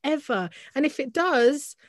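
A woman's voice: high-pitched, animated, measured pace, no room sound, studio quality. A woman co-hosting a casual podcast chat, heated and full of restarts and "like". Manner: heated, talks in restarts with frequent "like". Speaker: podcast co-host.

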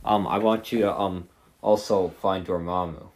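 Deep-voiced male player, hesitant. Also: steady tone, normal speed, darkish tone. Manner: hesitant, filler-heavy. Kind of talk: casual tabletop play.

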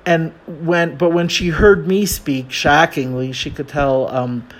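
A man's voice: fairly high pitch, steady tone, takes it slowly. An American man telling a self-mocking travel story in a chatty, casual way, with many fillers. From United States.

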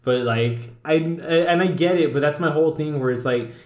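A man's voice: a little high, brisk, a little mellow. A young man co-hosting a casual podcast chat, rambling and swearing as he tells a story and laughs along. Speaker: podcast co-host. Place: indoor room. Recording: roomy echo.

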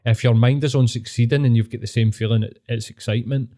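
This Scottish podcast host talks fast with a medium, steady pitch and a warm tone. He chats casually and earnestly in a matey way, swearing freely and often.

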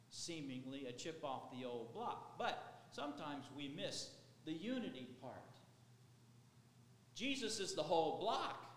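A man's voice: on the high side, a little hiss or hum. A man, a pastor, preaching a sermon in a conversational, rambling way. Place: church sanctuary. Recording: echoey hall with faint ambience.

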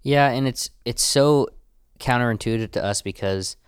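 A man co-hosting a casual faith discussion, talking in quick bursts with restarts and frequent fillers. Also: mid-range voice, smooth, no room sound, clean studio sound.

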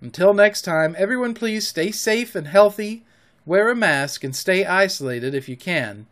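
Lively male storyteller. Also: high-pitched, unhurried. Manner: lively, expressive narration. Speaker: podcast storyteller. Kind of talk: reading a children's book aloud.

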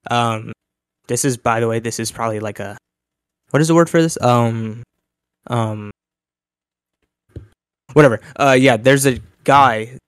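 A young student co-hosting a casual podcast in a tired voice, talking haltingly with lots of fillers. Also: male voice, mid-range voice, smooth, no echo, clean studio sound. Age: young adult. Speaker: podcast co-host. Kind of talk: casual chat.

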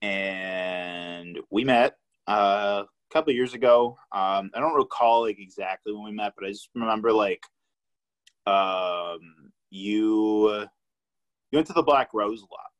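A man's voice: fairly low pitch, a little slow, rough recording. A young man hosting a podcast, chatting in a laid-back way, swearing often and leaning on fillers. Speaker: podcast host. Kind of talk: casual chat.

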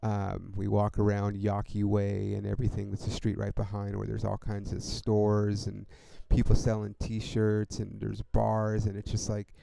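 Low gravelly laid-back guy cussing casually. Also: monotone, unhurried, few pauses, mellow. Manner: profane, laid-back, full of fillers like "dude" and "like". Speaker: podcast host. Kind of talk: casual rambling storytelling.

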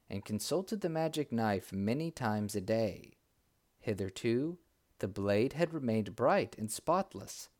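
A man narrating a fairy tale in a slow, deliberate reading style. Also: on the low side, a little mellow. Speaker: storyteller. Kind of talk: storybook narration.

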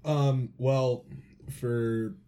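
A man's voice: medium pitch, fairly even intonation, very slow, warm tone. A man in a band, a guest on a podcast, explaining things in a laid-back way and swearing casually.

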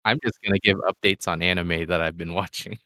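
Deep, laid-back man co-host. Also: steady tone, brisk, bright, forceful tone, a little hiss or hum. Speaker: podcast co-host. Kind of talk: casual podcast chat.

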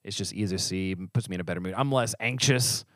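A man's voice: low voice, fast, fairly bright tone, no echo, studio quality. Joking self-deprecating podcast co-host man. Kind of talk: casual faith discussion.

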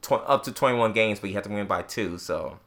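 A young man hosting a podcast, telling a gaming story in a casual, animated way. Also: fairly low pitch, a little fast. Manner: animated storytelling with acted-out quotes. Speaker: podcast host. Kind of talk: casual chat.

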